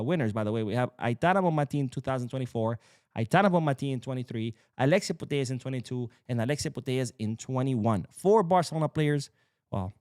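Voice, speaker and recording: A man's voice: mid-range voice, a little mellow, no room sound, clean studio sound. A young man hosting a casual football show, reading out nominee lists with jokes and asides. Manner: chatty, jokey, reads lists aloud. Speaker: football podcast host. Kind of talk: casual commentary.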